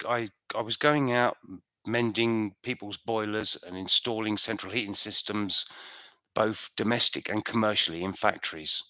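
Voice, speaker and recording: A man's voice: on the low side, pushed and bright, dry recording, studio quality. A man from the United Kingdom answering viewer questions in a casual live stream at home, chatty and rambling, often restarting his sentences.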